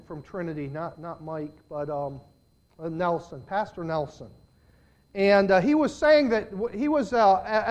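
Slow, emphatic older male preacher. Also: high-pitched. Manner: swings from hushed to loud, emphatic preaching. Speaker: pastor. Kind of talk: sermon.

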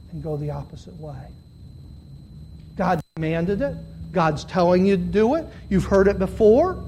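A man preaching a sermon to a congregation, swinging between loud, high, impassioned stretches and low, earnest appeals. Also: a little hiss or hum. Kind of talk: sermon with altar call. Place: church.

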